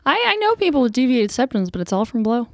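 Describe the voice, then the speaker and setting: A woman's voice: fairly high pitch, big pitch swings, fast. A young woman co-hosting a podcast in casual chat, with wry, teasing asides. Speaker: podcast co-host.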